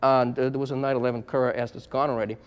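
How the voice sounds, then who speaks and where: A man's voice: mid-range voice, flat delivery, very fast, smooth, big-room sound. A man who runs a used car business, talking frankly and bluntly to the camera in a casual vlog and repeating himself as he goes.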